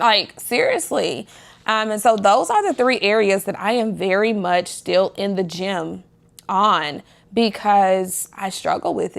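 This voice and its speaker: A woman hosting a podcast, telling a personal faith story in an earnest, confessional, animated way. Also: mid-range voice. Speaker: podcast host. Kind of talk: candid faith talk.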